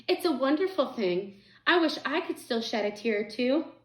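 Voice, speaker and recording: A tired, kindly old woman speaks in a soft, tender voice, played by a woman reading a novel aloud. The voice sits a little high and carries a gentle, grieving weight. The recording has a roomy echo. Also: expressive, moderate pace. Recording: echoey room.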